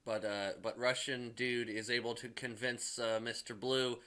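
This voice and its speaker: A man's voice: medium pitch, little pitch movement, normal speed, sharp tone, clean tone. A man casually recapping a movie in a rambling way, packed with filler words and swearing. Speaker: movie reviewer.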